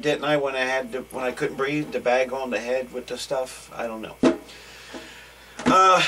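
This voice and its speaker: A man's voice: a little high, fairly bright tone, husky. A man teaching a drum lesson in a loose, rambling, joking way. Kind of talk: casual video lesson. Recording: distant mic with faint noise.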